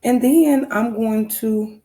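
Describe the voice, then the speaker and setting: A woman's voice: on the high side, slow pace, mellow, a little hiss or hum. A woman first grade teacher with a Southern American accent, patiently walking young children through a phonics lesson and repeating her instructions.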